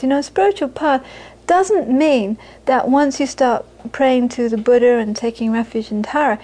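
A woman's voice: a little high, a little mellow, low-quality recording. A woman giving a live Buddhist talk to an audience, earnest and repeating phrases for emphasis. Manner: earnest, repeats phrases for emphasis, laughs while telling stories. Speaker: Buddhist teacher.

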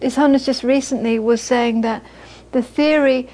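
A woman with a high-pitched voice leads a Buddhist teaching session. She tells anecdotes, laughs easily, and repeats key phrases for emphasis. She speaks in the loose, conversational manner of a dharma talk given to a live audience. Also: steady tone, normal speed, mellow, poor audio.

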